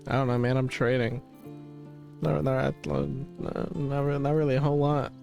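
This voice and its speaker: A man's voice: medium pitch, level tone, moderate pace, gravelly, a little mellow, soft background music. A man streaming a video game and commenting as he plays, rambling and swearing casually to fill dead air. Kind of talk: gameplay commentary.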